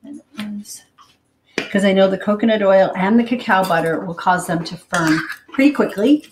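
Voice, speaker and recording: A woman hosting a live cooking demonstration in a home kitchen, chatty and hurried, thinking out loud as she works. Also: medium pitch, noisy background. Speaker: cooking show host. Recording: roomy kitchen with clattering dishes.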